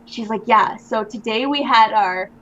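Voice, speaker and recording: Young woman guest rambling through stories, kinda high voice, muffled audio w/ light hiss. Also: a little slow, fairly bright tone. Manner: chatty storyteller, lots of likes and ums. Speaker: interview guest. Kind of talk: casual interview chat.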